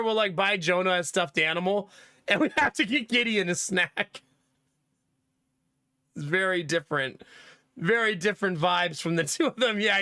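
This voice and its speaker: A man's voice: high voice, pushed and bright, smooth, no echo, studio quality. A young man casually telling family stories to his stream chat, laughing often as he goes. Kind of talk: casual storytelling to live chat.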